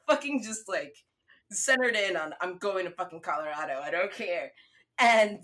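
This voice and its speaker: A young woman telling a story in casual chat, swearing freely and acting out her own lines. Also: medium pitch. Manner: profane, animated storytelling.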